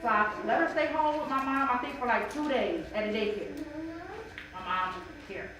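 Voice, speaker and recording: A mother sharing a personal story at a church bible study, animated and emotional, acting out what people said. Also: fairly high pitch, normal speed. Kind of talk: personal testimony in a group discussion. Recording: echoey room from far off, noisy.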